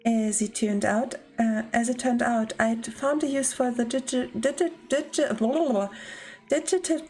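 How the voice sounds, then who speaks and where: A woman reads aloud as a poised young gambler from a game, cool and scheming, with a deliberate, mannered put-on accent. The voice sits a little high for a woman, and a faint trace of game music plays underneath. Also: a little mellow, natural voice. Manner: composed, mannered accent she calls fake and bad. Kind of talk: reading game dialogue aloud.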